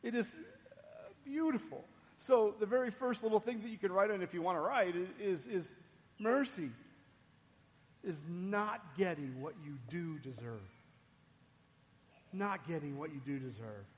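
A man preaching a sermon, dropping soft and low and then rising loud and emphatic. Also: animated, measured pace, pauses often. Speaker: pastor. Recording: long hall reverb.

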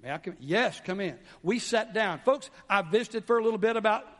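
A male pastor delivers a sermon in a high voice, dropping to hushed lows and then rising to emphatic calls. His words ring out with a long reverb, as in a large church hall. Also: expressive, fairly quick. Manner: dramatic, swings from soft low drops to raised exclamations.

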